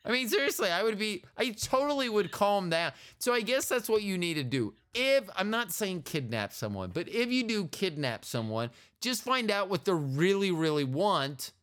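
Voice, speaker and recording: Animated joking man in his fifties. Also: sits high, moderate pace, few pauses. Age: 50s. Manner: joking, animated, puts on silly voices. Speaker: podcast host. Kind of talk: casual comedic chat.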